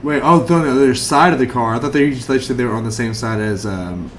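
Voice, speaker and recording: A man playing a tabletop role-playing game, brash and profane, bursting into shouts in character. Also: mid-range voice, quick pace, slight background noise. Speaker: player.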